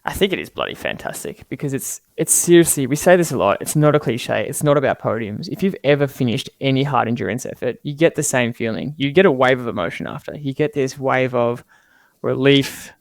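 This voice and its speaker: A man's voice: medium pitch, fairly quick, gravelly, no room sound. A young man co-hosting a podcast, talking with energy and enthusiasm. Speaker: podcast co-host. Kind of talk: podcast conversation.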